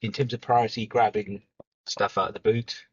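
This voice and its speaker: A deep, husky man co-hosts a casual chat from inside a car with dry, deadpan jokes. The sound is close and dead, with no room echo. The audio is dull and lo-fi. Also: a little fast. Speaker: podcast co-host.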